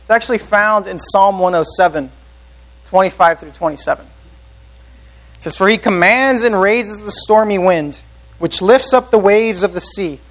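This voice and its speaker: Pastor, male, high voice, earnest sermon delivery with questions to the room. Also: normal speed, a bit bright, low-quality recording. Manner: earnest preaching, asks the congregation questions.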